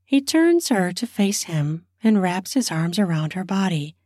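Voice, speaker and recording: A woman's voice: on the low side, measured pace, husky, no echo, clean studio sound. Woman improvising an erotic story. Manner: lively, spontaneous, conversational.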